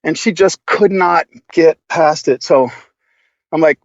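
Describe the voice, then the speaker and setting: A man tells stories as a podcast guest in a loose, casual way, laughing often and swearing freely. His voice sits a little high, and the sound is dull and lo-fi. The recording is dry. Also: measured pace, no echo. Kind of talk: casual storytelling.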